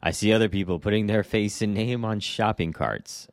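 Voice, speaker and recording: A man hosting a solo podcast as a real estate agent, talking casually in a blunt, animated way with lots of rhetorical questions. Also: lowish voice, normal speed, few pauses, no room sound, clean studio sound. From Hawaii.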